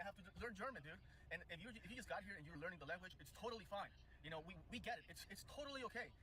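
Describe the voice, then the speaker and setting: Rapid-fire Miami man ranting bluntly. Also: on the high side, bright, forceful tone, slight background noise, low-quality recording. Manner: blunt, profane, opinionated. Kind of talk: opinion rant to camera.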